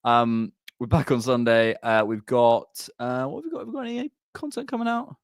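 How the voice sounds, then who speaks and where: A man's voice: medium pitch, expressive, moderate pace, clean tone, no room sound. A man hosting a live podcast, out of breath and bantering in a joking, chatty way. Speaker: podcast host. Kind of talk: casual live podcast chat.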